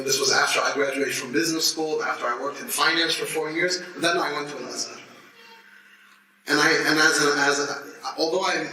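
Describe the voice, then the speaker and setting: A man in his thirties gives an animated lecture to students, often laughing and restarting his sentences. His voice is bright and slightly high. He is recorded from a distance in a large echoey hall. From United States. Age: 30s. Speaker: teacher. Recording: echoey hall, distant mic, faint noise.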